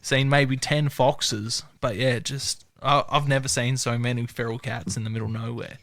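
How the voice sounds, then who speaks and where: A man's voice: medium pitch, steady tone, normal speed, fairly bright tone, dry recording. An Australian man hosting a podcast, telling a hunting story in an easygoing, chuckling way. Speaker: podcast host. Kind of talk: casual podcast chat.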